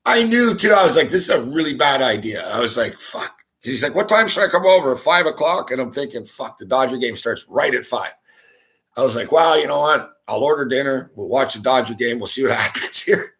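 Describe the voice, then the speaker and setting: A man's voice: mid-range voice, animated, fairly quick, fairly bright tone. A man hosting a sports talk show, telling a story in a casual, profane, exasperated rant and laughing often. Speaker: sports talk radio host.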